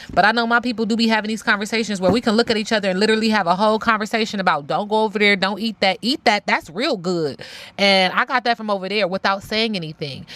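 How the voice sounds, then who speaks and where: A woman's voice: medium pitch, a bit bright, no echo. Emphatic woman giving a tarot reading. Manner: emphatic, talks to spirit aloud, repeats phrases. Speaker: tarot reader. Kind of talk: casual spiritual tarot reading.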